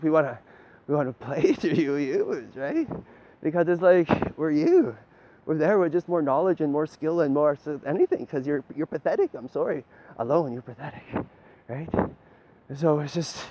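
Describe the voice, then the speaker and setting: This man's voice sits on the high side with a warm tone. He preaches in a meandering way as a self-appointed spiritual guide, cursing liberally and repeatedly tossing in "right?"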